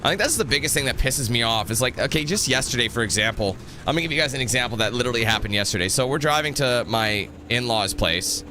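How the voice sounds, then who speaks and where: A man's voice: medium pitch, lively intonation, fast, few pauses, background noise. A man giving casual gameplay commentary, rambling into a profane rant. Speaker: gameplay video creator.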